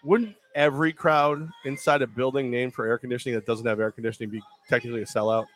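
A man co-hosting a podcast in casual sports chat, rambling and cracking jokes with quick asides. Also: medium pitch, fairly even intonation, fairly bright tone. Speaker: podcast co-host.

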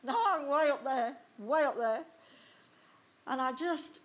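Taking it slowly in a voice that sits high, this sixty-something woman pastor relates her personal testimony in a sermon, animating the scenes with lively storytelling.

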